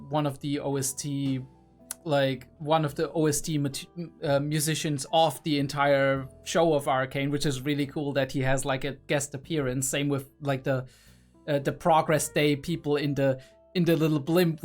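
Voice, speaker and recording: A young adult man hosting a reaction video, musing aloud in a casual, rambling way with many fillers and restarts. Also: a little high.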